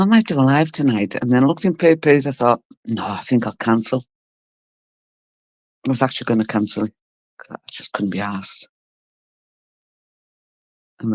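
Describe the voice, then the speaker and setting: Greeting her viewers on a casual live stream, this Cumbrian woman from England talks bluntly in a rough, low voice, swearing and laughing often. The recording has no echo.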